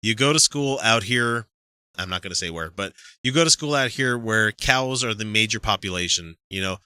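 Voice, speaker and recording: A man from Utah co-hosting a loose, joking podcast chat. His voice is very bright and swings widely in pitch as he gets animated, laughing between restarted sentences. The sound is close and dry. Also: normal speed, clear, resonant tone, no echo. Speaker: podcast co-host. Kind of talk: casual comedic chat.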